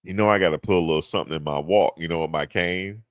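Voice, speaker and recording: A man's voice: low-pitched, quick pace, no room sound, studio quality. A middle-aged man hosting a casual chat, laid-back and rambling, chuckling at his own jokes. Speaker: podcast host.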